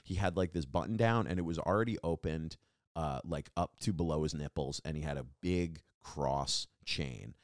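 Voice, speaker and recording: A young man from Long Island talks through a casual podcast monologue in a very low voice. He rambles, swears freely and gets animated when he rants. The sound is dry and close. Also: normal speed, no echo. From Long Island, New York. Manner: rambling, profane, animated ranting. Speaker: podcast host.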